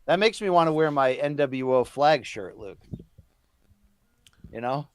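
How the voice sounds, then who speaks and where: A man's voice: mid-range voice, animated, a little slow, smooth. A man co-hosting a live watch-along, teasing his co-host and prodding him with questions.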